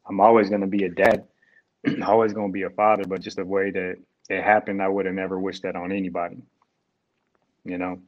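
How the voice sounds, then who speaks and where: A young man, a guest, telling an emotional personal story in a halting, reflective way with restarts. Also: low voice, flat delivery. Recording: dull lo-fi sound.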